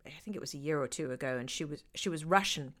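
A British woman talks as a podcast guest, her voice pitched on the low side yet bright and forward. She tells candid stories with a wry, self-mocking edge in easy conversation. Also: quick pace. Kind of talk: conversational interview.

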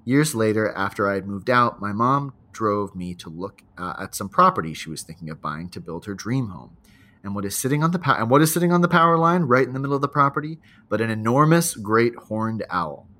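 A man's voice: fairly low pitch, animated, brisk, bright, forceful tone. A man co-hosting a podcast, reading a listener's spooky story aloud and chatting, laughing often. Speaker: podcast co-host.

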